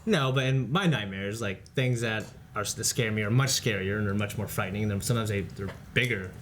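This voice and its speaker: A man co-hosting a casual reaction chat, reading viewer comments aloud and clearing his throat between them. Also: on the low side, fairly quick, a bit bright. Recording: faint background noise.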